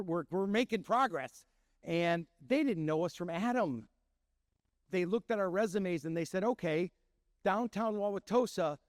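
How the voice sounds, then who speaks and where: For an audience, a middle-aged man from Milwaukee, Wisconsin, who is a chef and restaurant owner, tells animated stories and performs the quoted voices. The recording is dry and studio-clean, and his voice is high.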